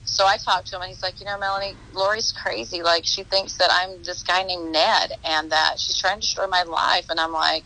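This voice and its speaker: A woman's voice: fairly low pitch, fairly even intonation, fairly quick, hardly any pauses, bright, forceful tone, poor audio. A woman telling a story in a rambling, matter-of-fact way, heard from a played-back phone recording. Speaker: recorded speaker. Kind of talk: casual retelling on a phone call.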